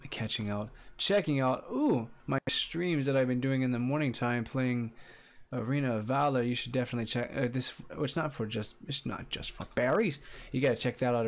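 A man streaming a survival game live, chatting with viewers and reacting excitedly as he plays. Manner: excitable, chatty, greets viewers, bursts into high squeals and laughs. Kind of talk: casual live-stream commentary. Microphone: desk condenser mic.

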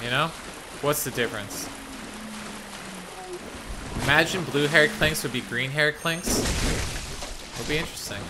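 Playful male game streamer, slightly high. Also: a little slow, pauses often, heavy background noise. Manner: playful, teasing, reads chat aloud. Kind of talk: casual live game commentary.

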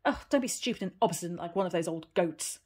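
A woman voicing an impatient aunt in a storybook reading, speaking firmly and briskly, sometimes coaxing. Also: medium pitch, lively intonation, darkish tone, husky. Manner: snappy, firm and coaxing. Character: brisk, impatient aunt hurrying a child along.

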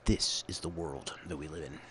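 A man's voice: rumbling low, steady tone, moderate pace, sharp tone, a little hiss or hum. A man hosting his own show, rambling through a crude, profane, absurd monologue into a computer call setup. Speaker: solo show host.

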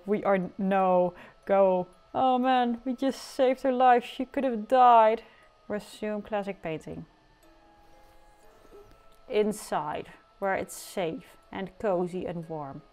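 A woman gives laid-back commentary on a life simulation game, joking, teasing, and letting out playful outbursts. She has a medium-pitched, darkish voice, and music plays faintly behind.

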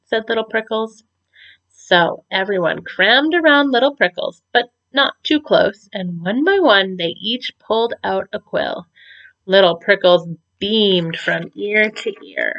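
A woman teacher reading a picture book aloud to children in a slow, expressive storytelling manner. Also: mid-range voice, lo-fi sound.

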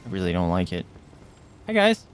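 A man's voice: low voice, wildly swooping pitch, normal speed, clear, resonant tone. A man streaming a video game, commenting live, shifting from muttered asides to startled yelps and swearing. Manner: jittery, swings between mumbling and startled yelps. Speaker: gaming streamer.

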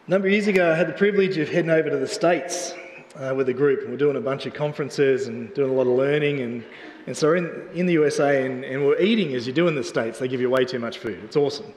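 A man's voice: medium pitch, fast talker, a little hiss or hum. An Australian man preaching a sermon as pastor, telling a casual, chatty story with many restarts. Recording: echoey church hall.

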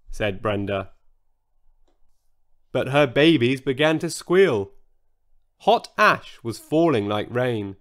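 Slow, expressive man telling a children's story. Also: mid-range voice, clean tone.

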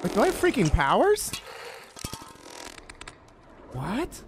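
A young man giving live gameplay commentary as a streamer, with sudden loud excited exclamations between quieter musing. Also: sits high, slow, creaky, slight background noise. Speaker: gaming streamer.

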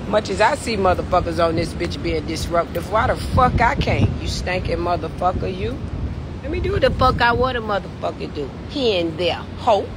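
A woman ranting on a livestream, cursing hotly, her pitch swinging widely. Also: expressive, normal speed, background noise. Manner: profane, heated ranting with big pitch swings. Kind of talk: livestream rant.

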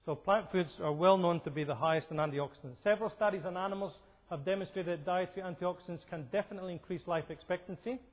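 Talking fast with hardly any pauses, a high-voiced man leads a health seminar in a church hall. His style is chatty, with frequent questions to the audience, and the lo-fi audio has noticeable hall reverb.

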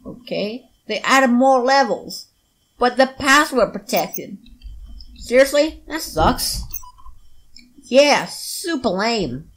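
A woman's voice: fairly high pitch, animated, slow pace, long pauses, low-quality recording. A woman putting on an accent to read a friendly chat partner's messages aloud in a game. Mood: chatty.

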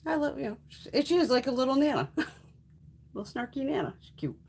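A woman's voice: high-pitched, big pitch swings, a little fast, darkish tone, breathy edge. A middle-aged woman chatting casually while hosting a beauty livestream, swearing freely and laughing often. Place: home makeup room.

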